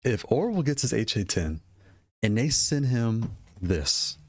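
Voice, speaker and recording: A man's voice: mid-range voice, big pitch swings, a little slow. A man casually talking through gaming controller prices, rambling and repeating himself with frequent laughs. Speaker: gaming hardware streamer. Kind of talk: casual product commentary.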